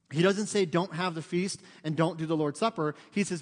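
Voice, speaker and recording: Animated male pastor in a reverberant hall. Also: high voice, a little fast, hardly any pauses. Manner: animated storytelling, swings from loud to hushed. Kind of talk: sermon. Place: church sanctuary.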